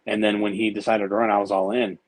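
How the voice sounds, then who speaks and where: Low-voiced man telling rambling stories. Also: little pitch movement, fast, no echo, low-quality recording. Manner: rambling, profane, many fillers and restarts. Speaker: podcast guest. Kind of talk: casual storytelling.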